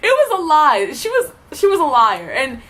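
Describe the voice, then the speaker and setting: A woman's voice: high voice, huge pitch swings, normal speed, a bit bright. A young woman telling stories from school in a casual vlog, chatty and giggly, with lots of "like" fillers. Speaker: vlogger.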